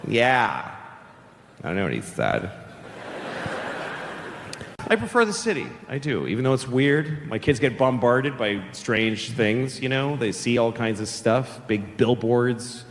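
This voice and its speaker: A man's voice: medium pitch, big pitch swings, a little slow. A man doing a stand-up comedy set, telling rambling, profane stories in a loose conversational way. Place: large theater stage. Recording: long hall reverb with audience noise.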